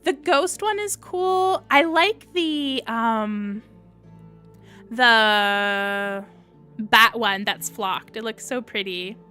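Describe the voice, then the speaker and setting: A woman's voice: a little high, extremely slow, sharp tone, smooth, soft background music. A young woman hosting a casual livestream, chatting and answering viewers' comments as she goes. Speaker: livestream host.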